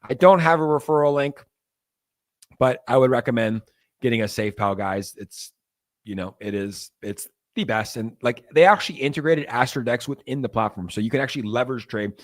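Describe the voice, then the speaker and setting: A man's voice: medium pitch, fairly quick. A young man hosting a casual crypto livestream. He rambles loosely, with lots of fillers, and reads chat messages aloud.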